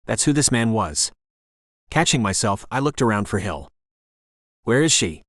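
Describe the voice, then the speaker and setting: Man, audiobook narrator, first-person story, lowish voice, dry close mic. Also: sing-song, moderate pace, a bit bright, no room sound.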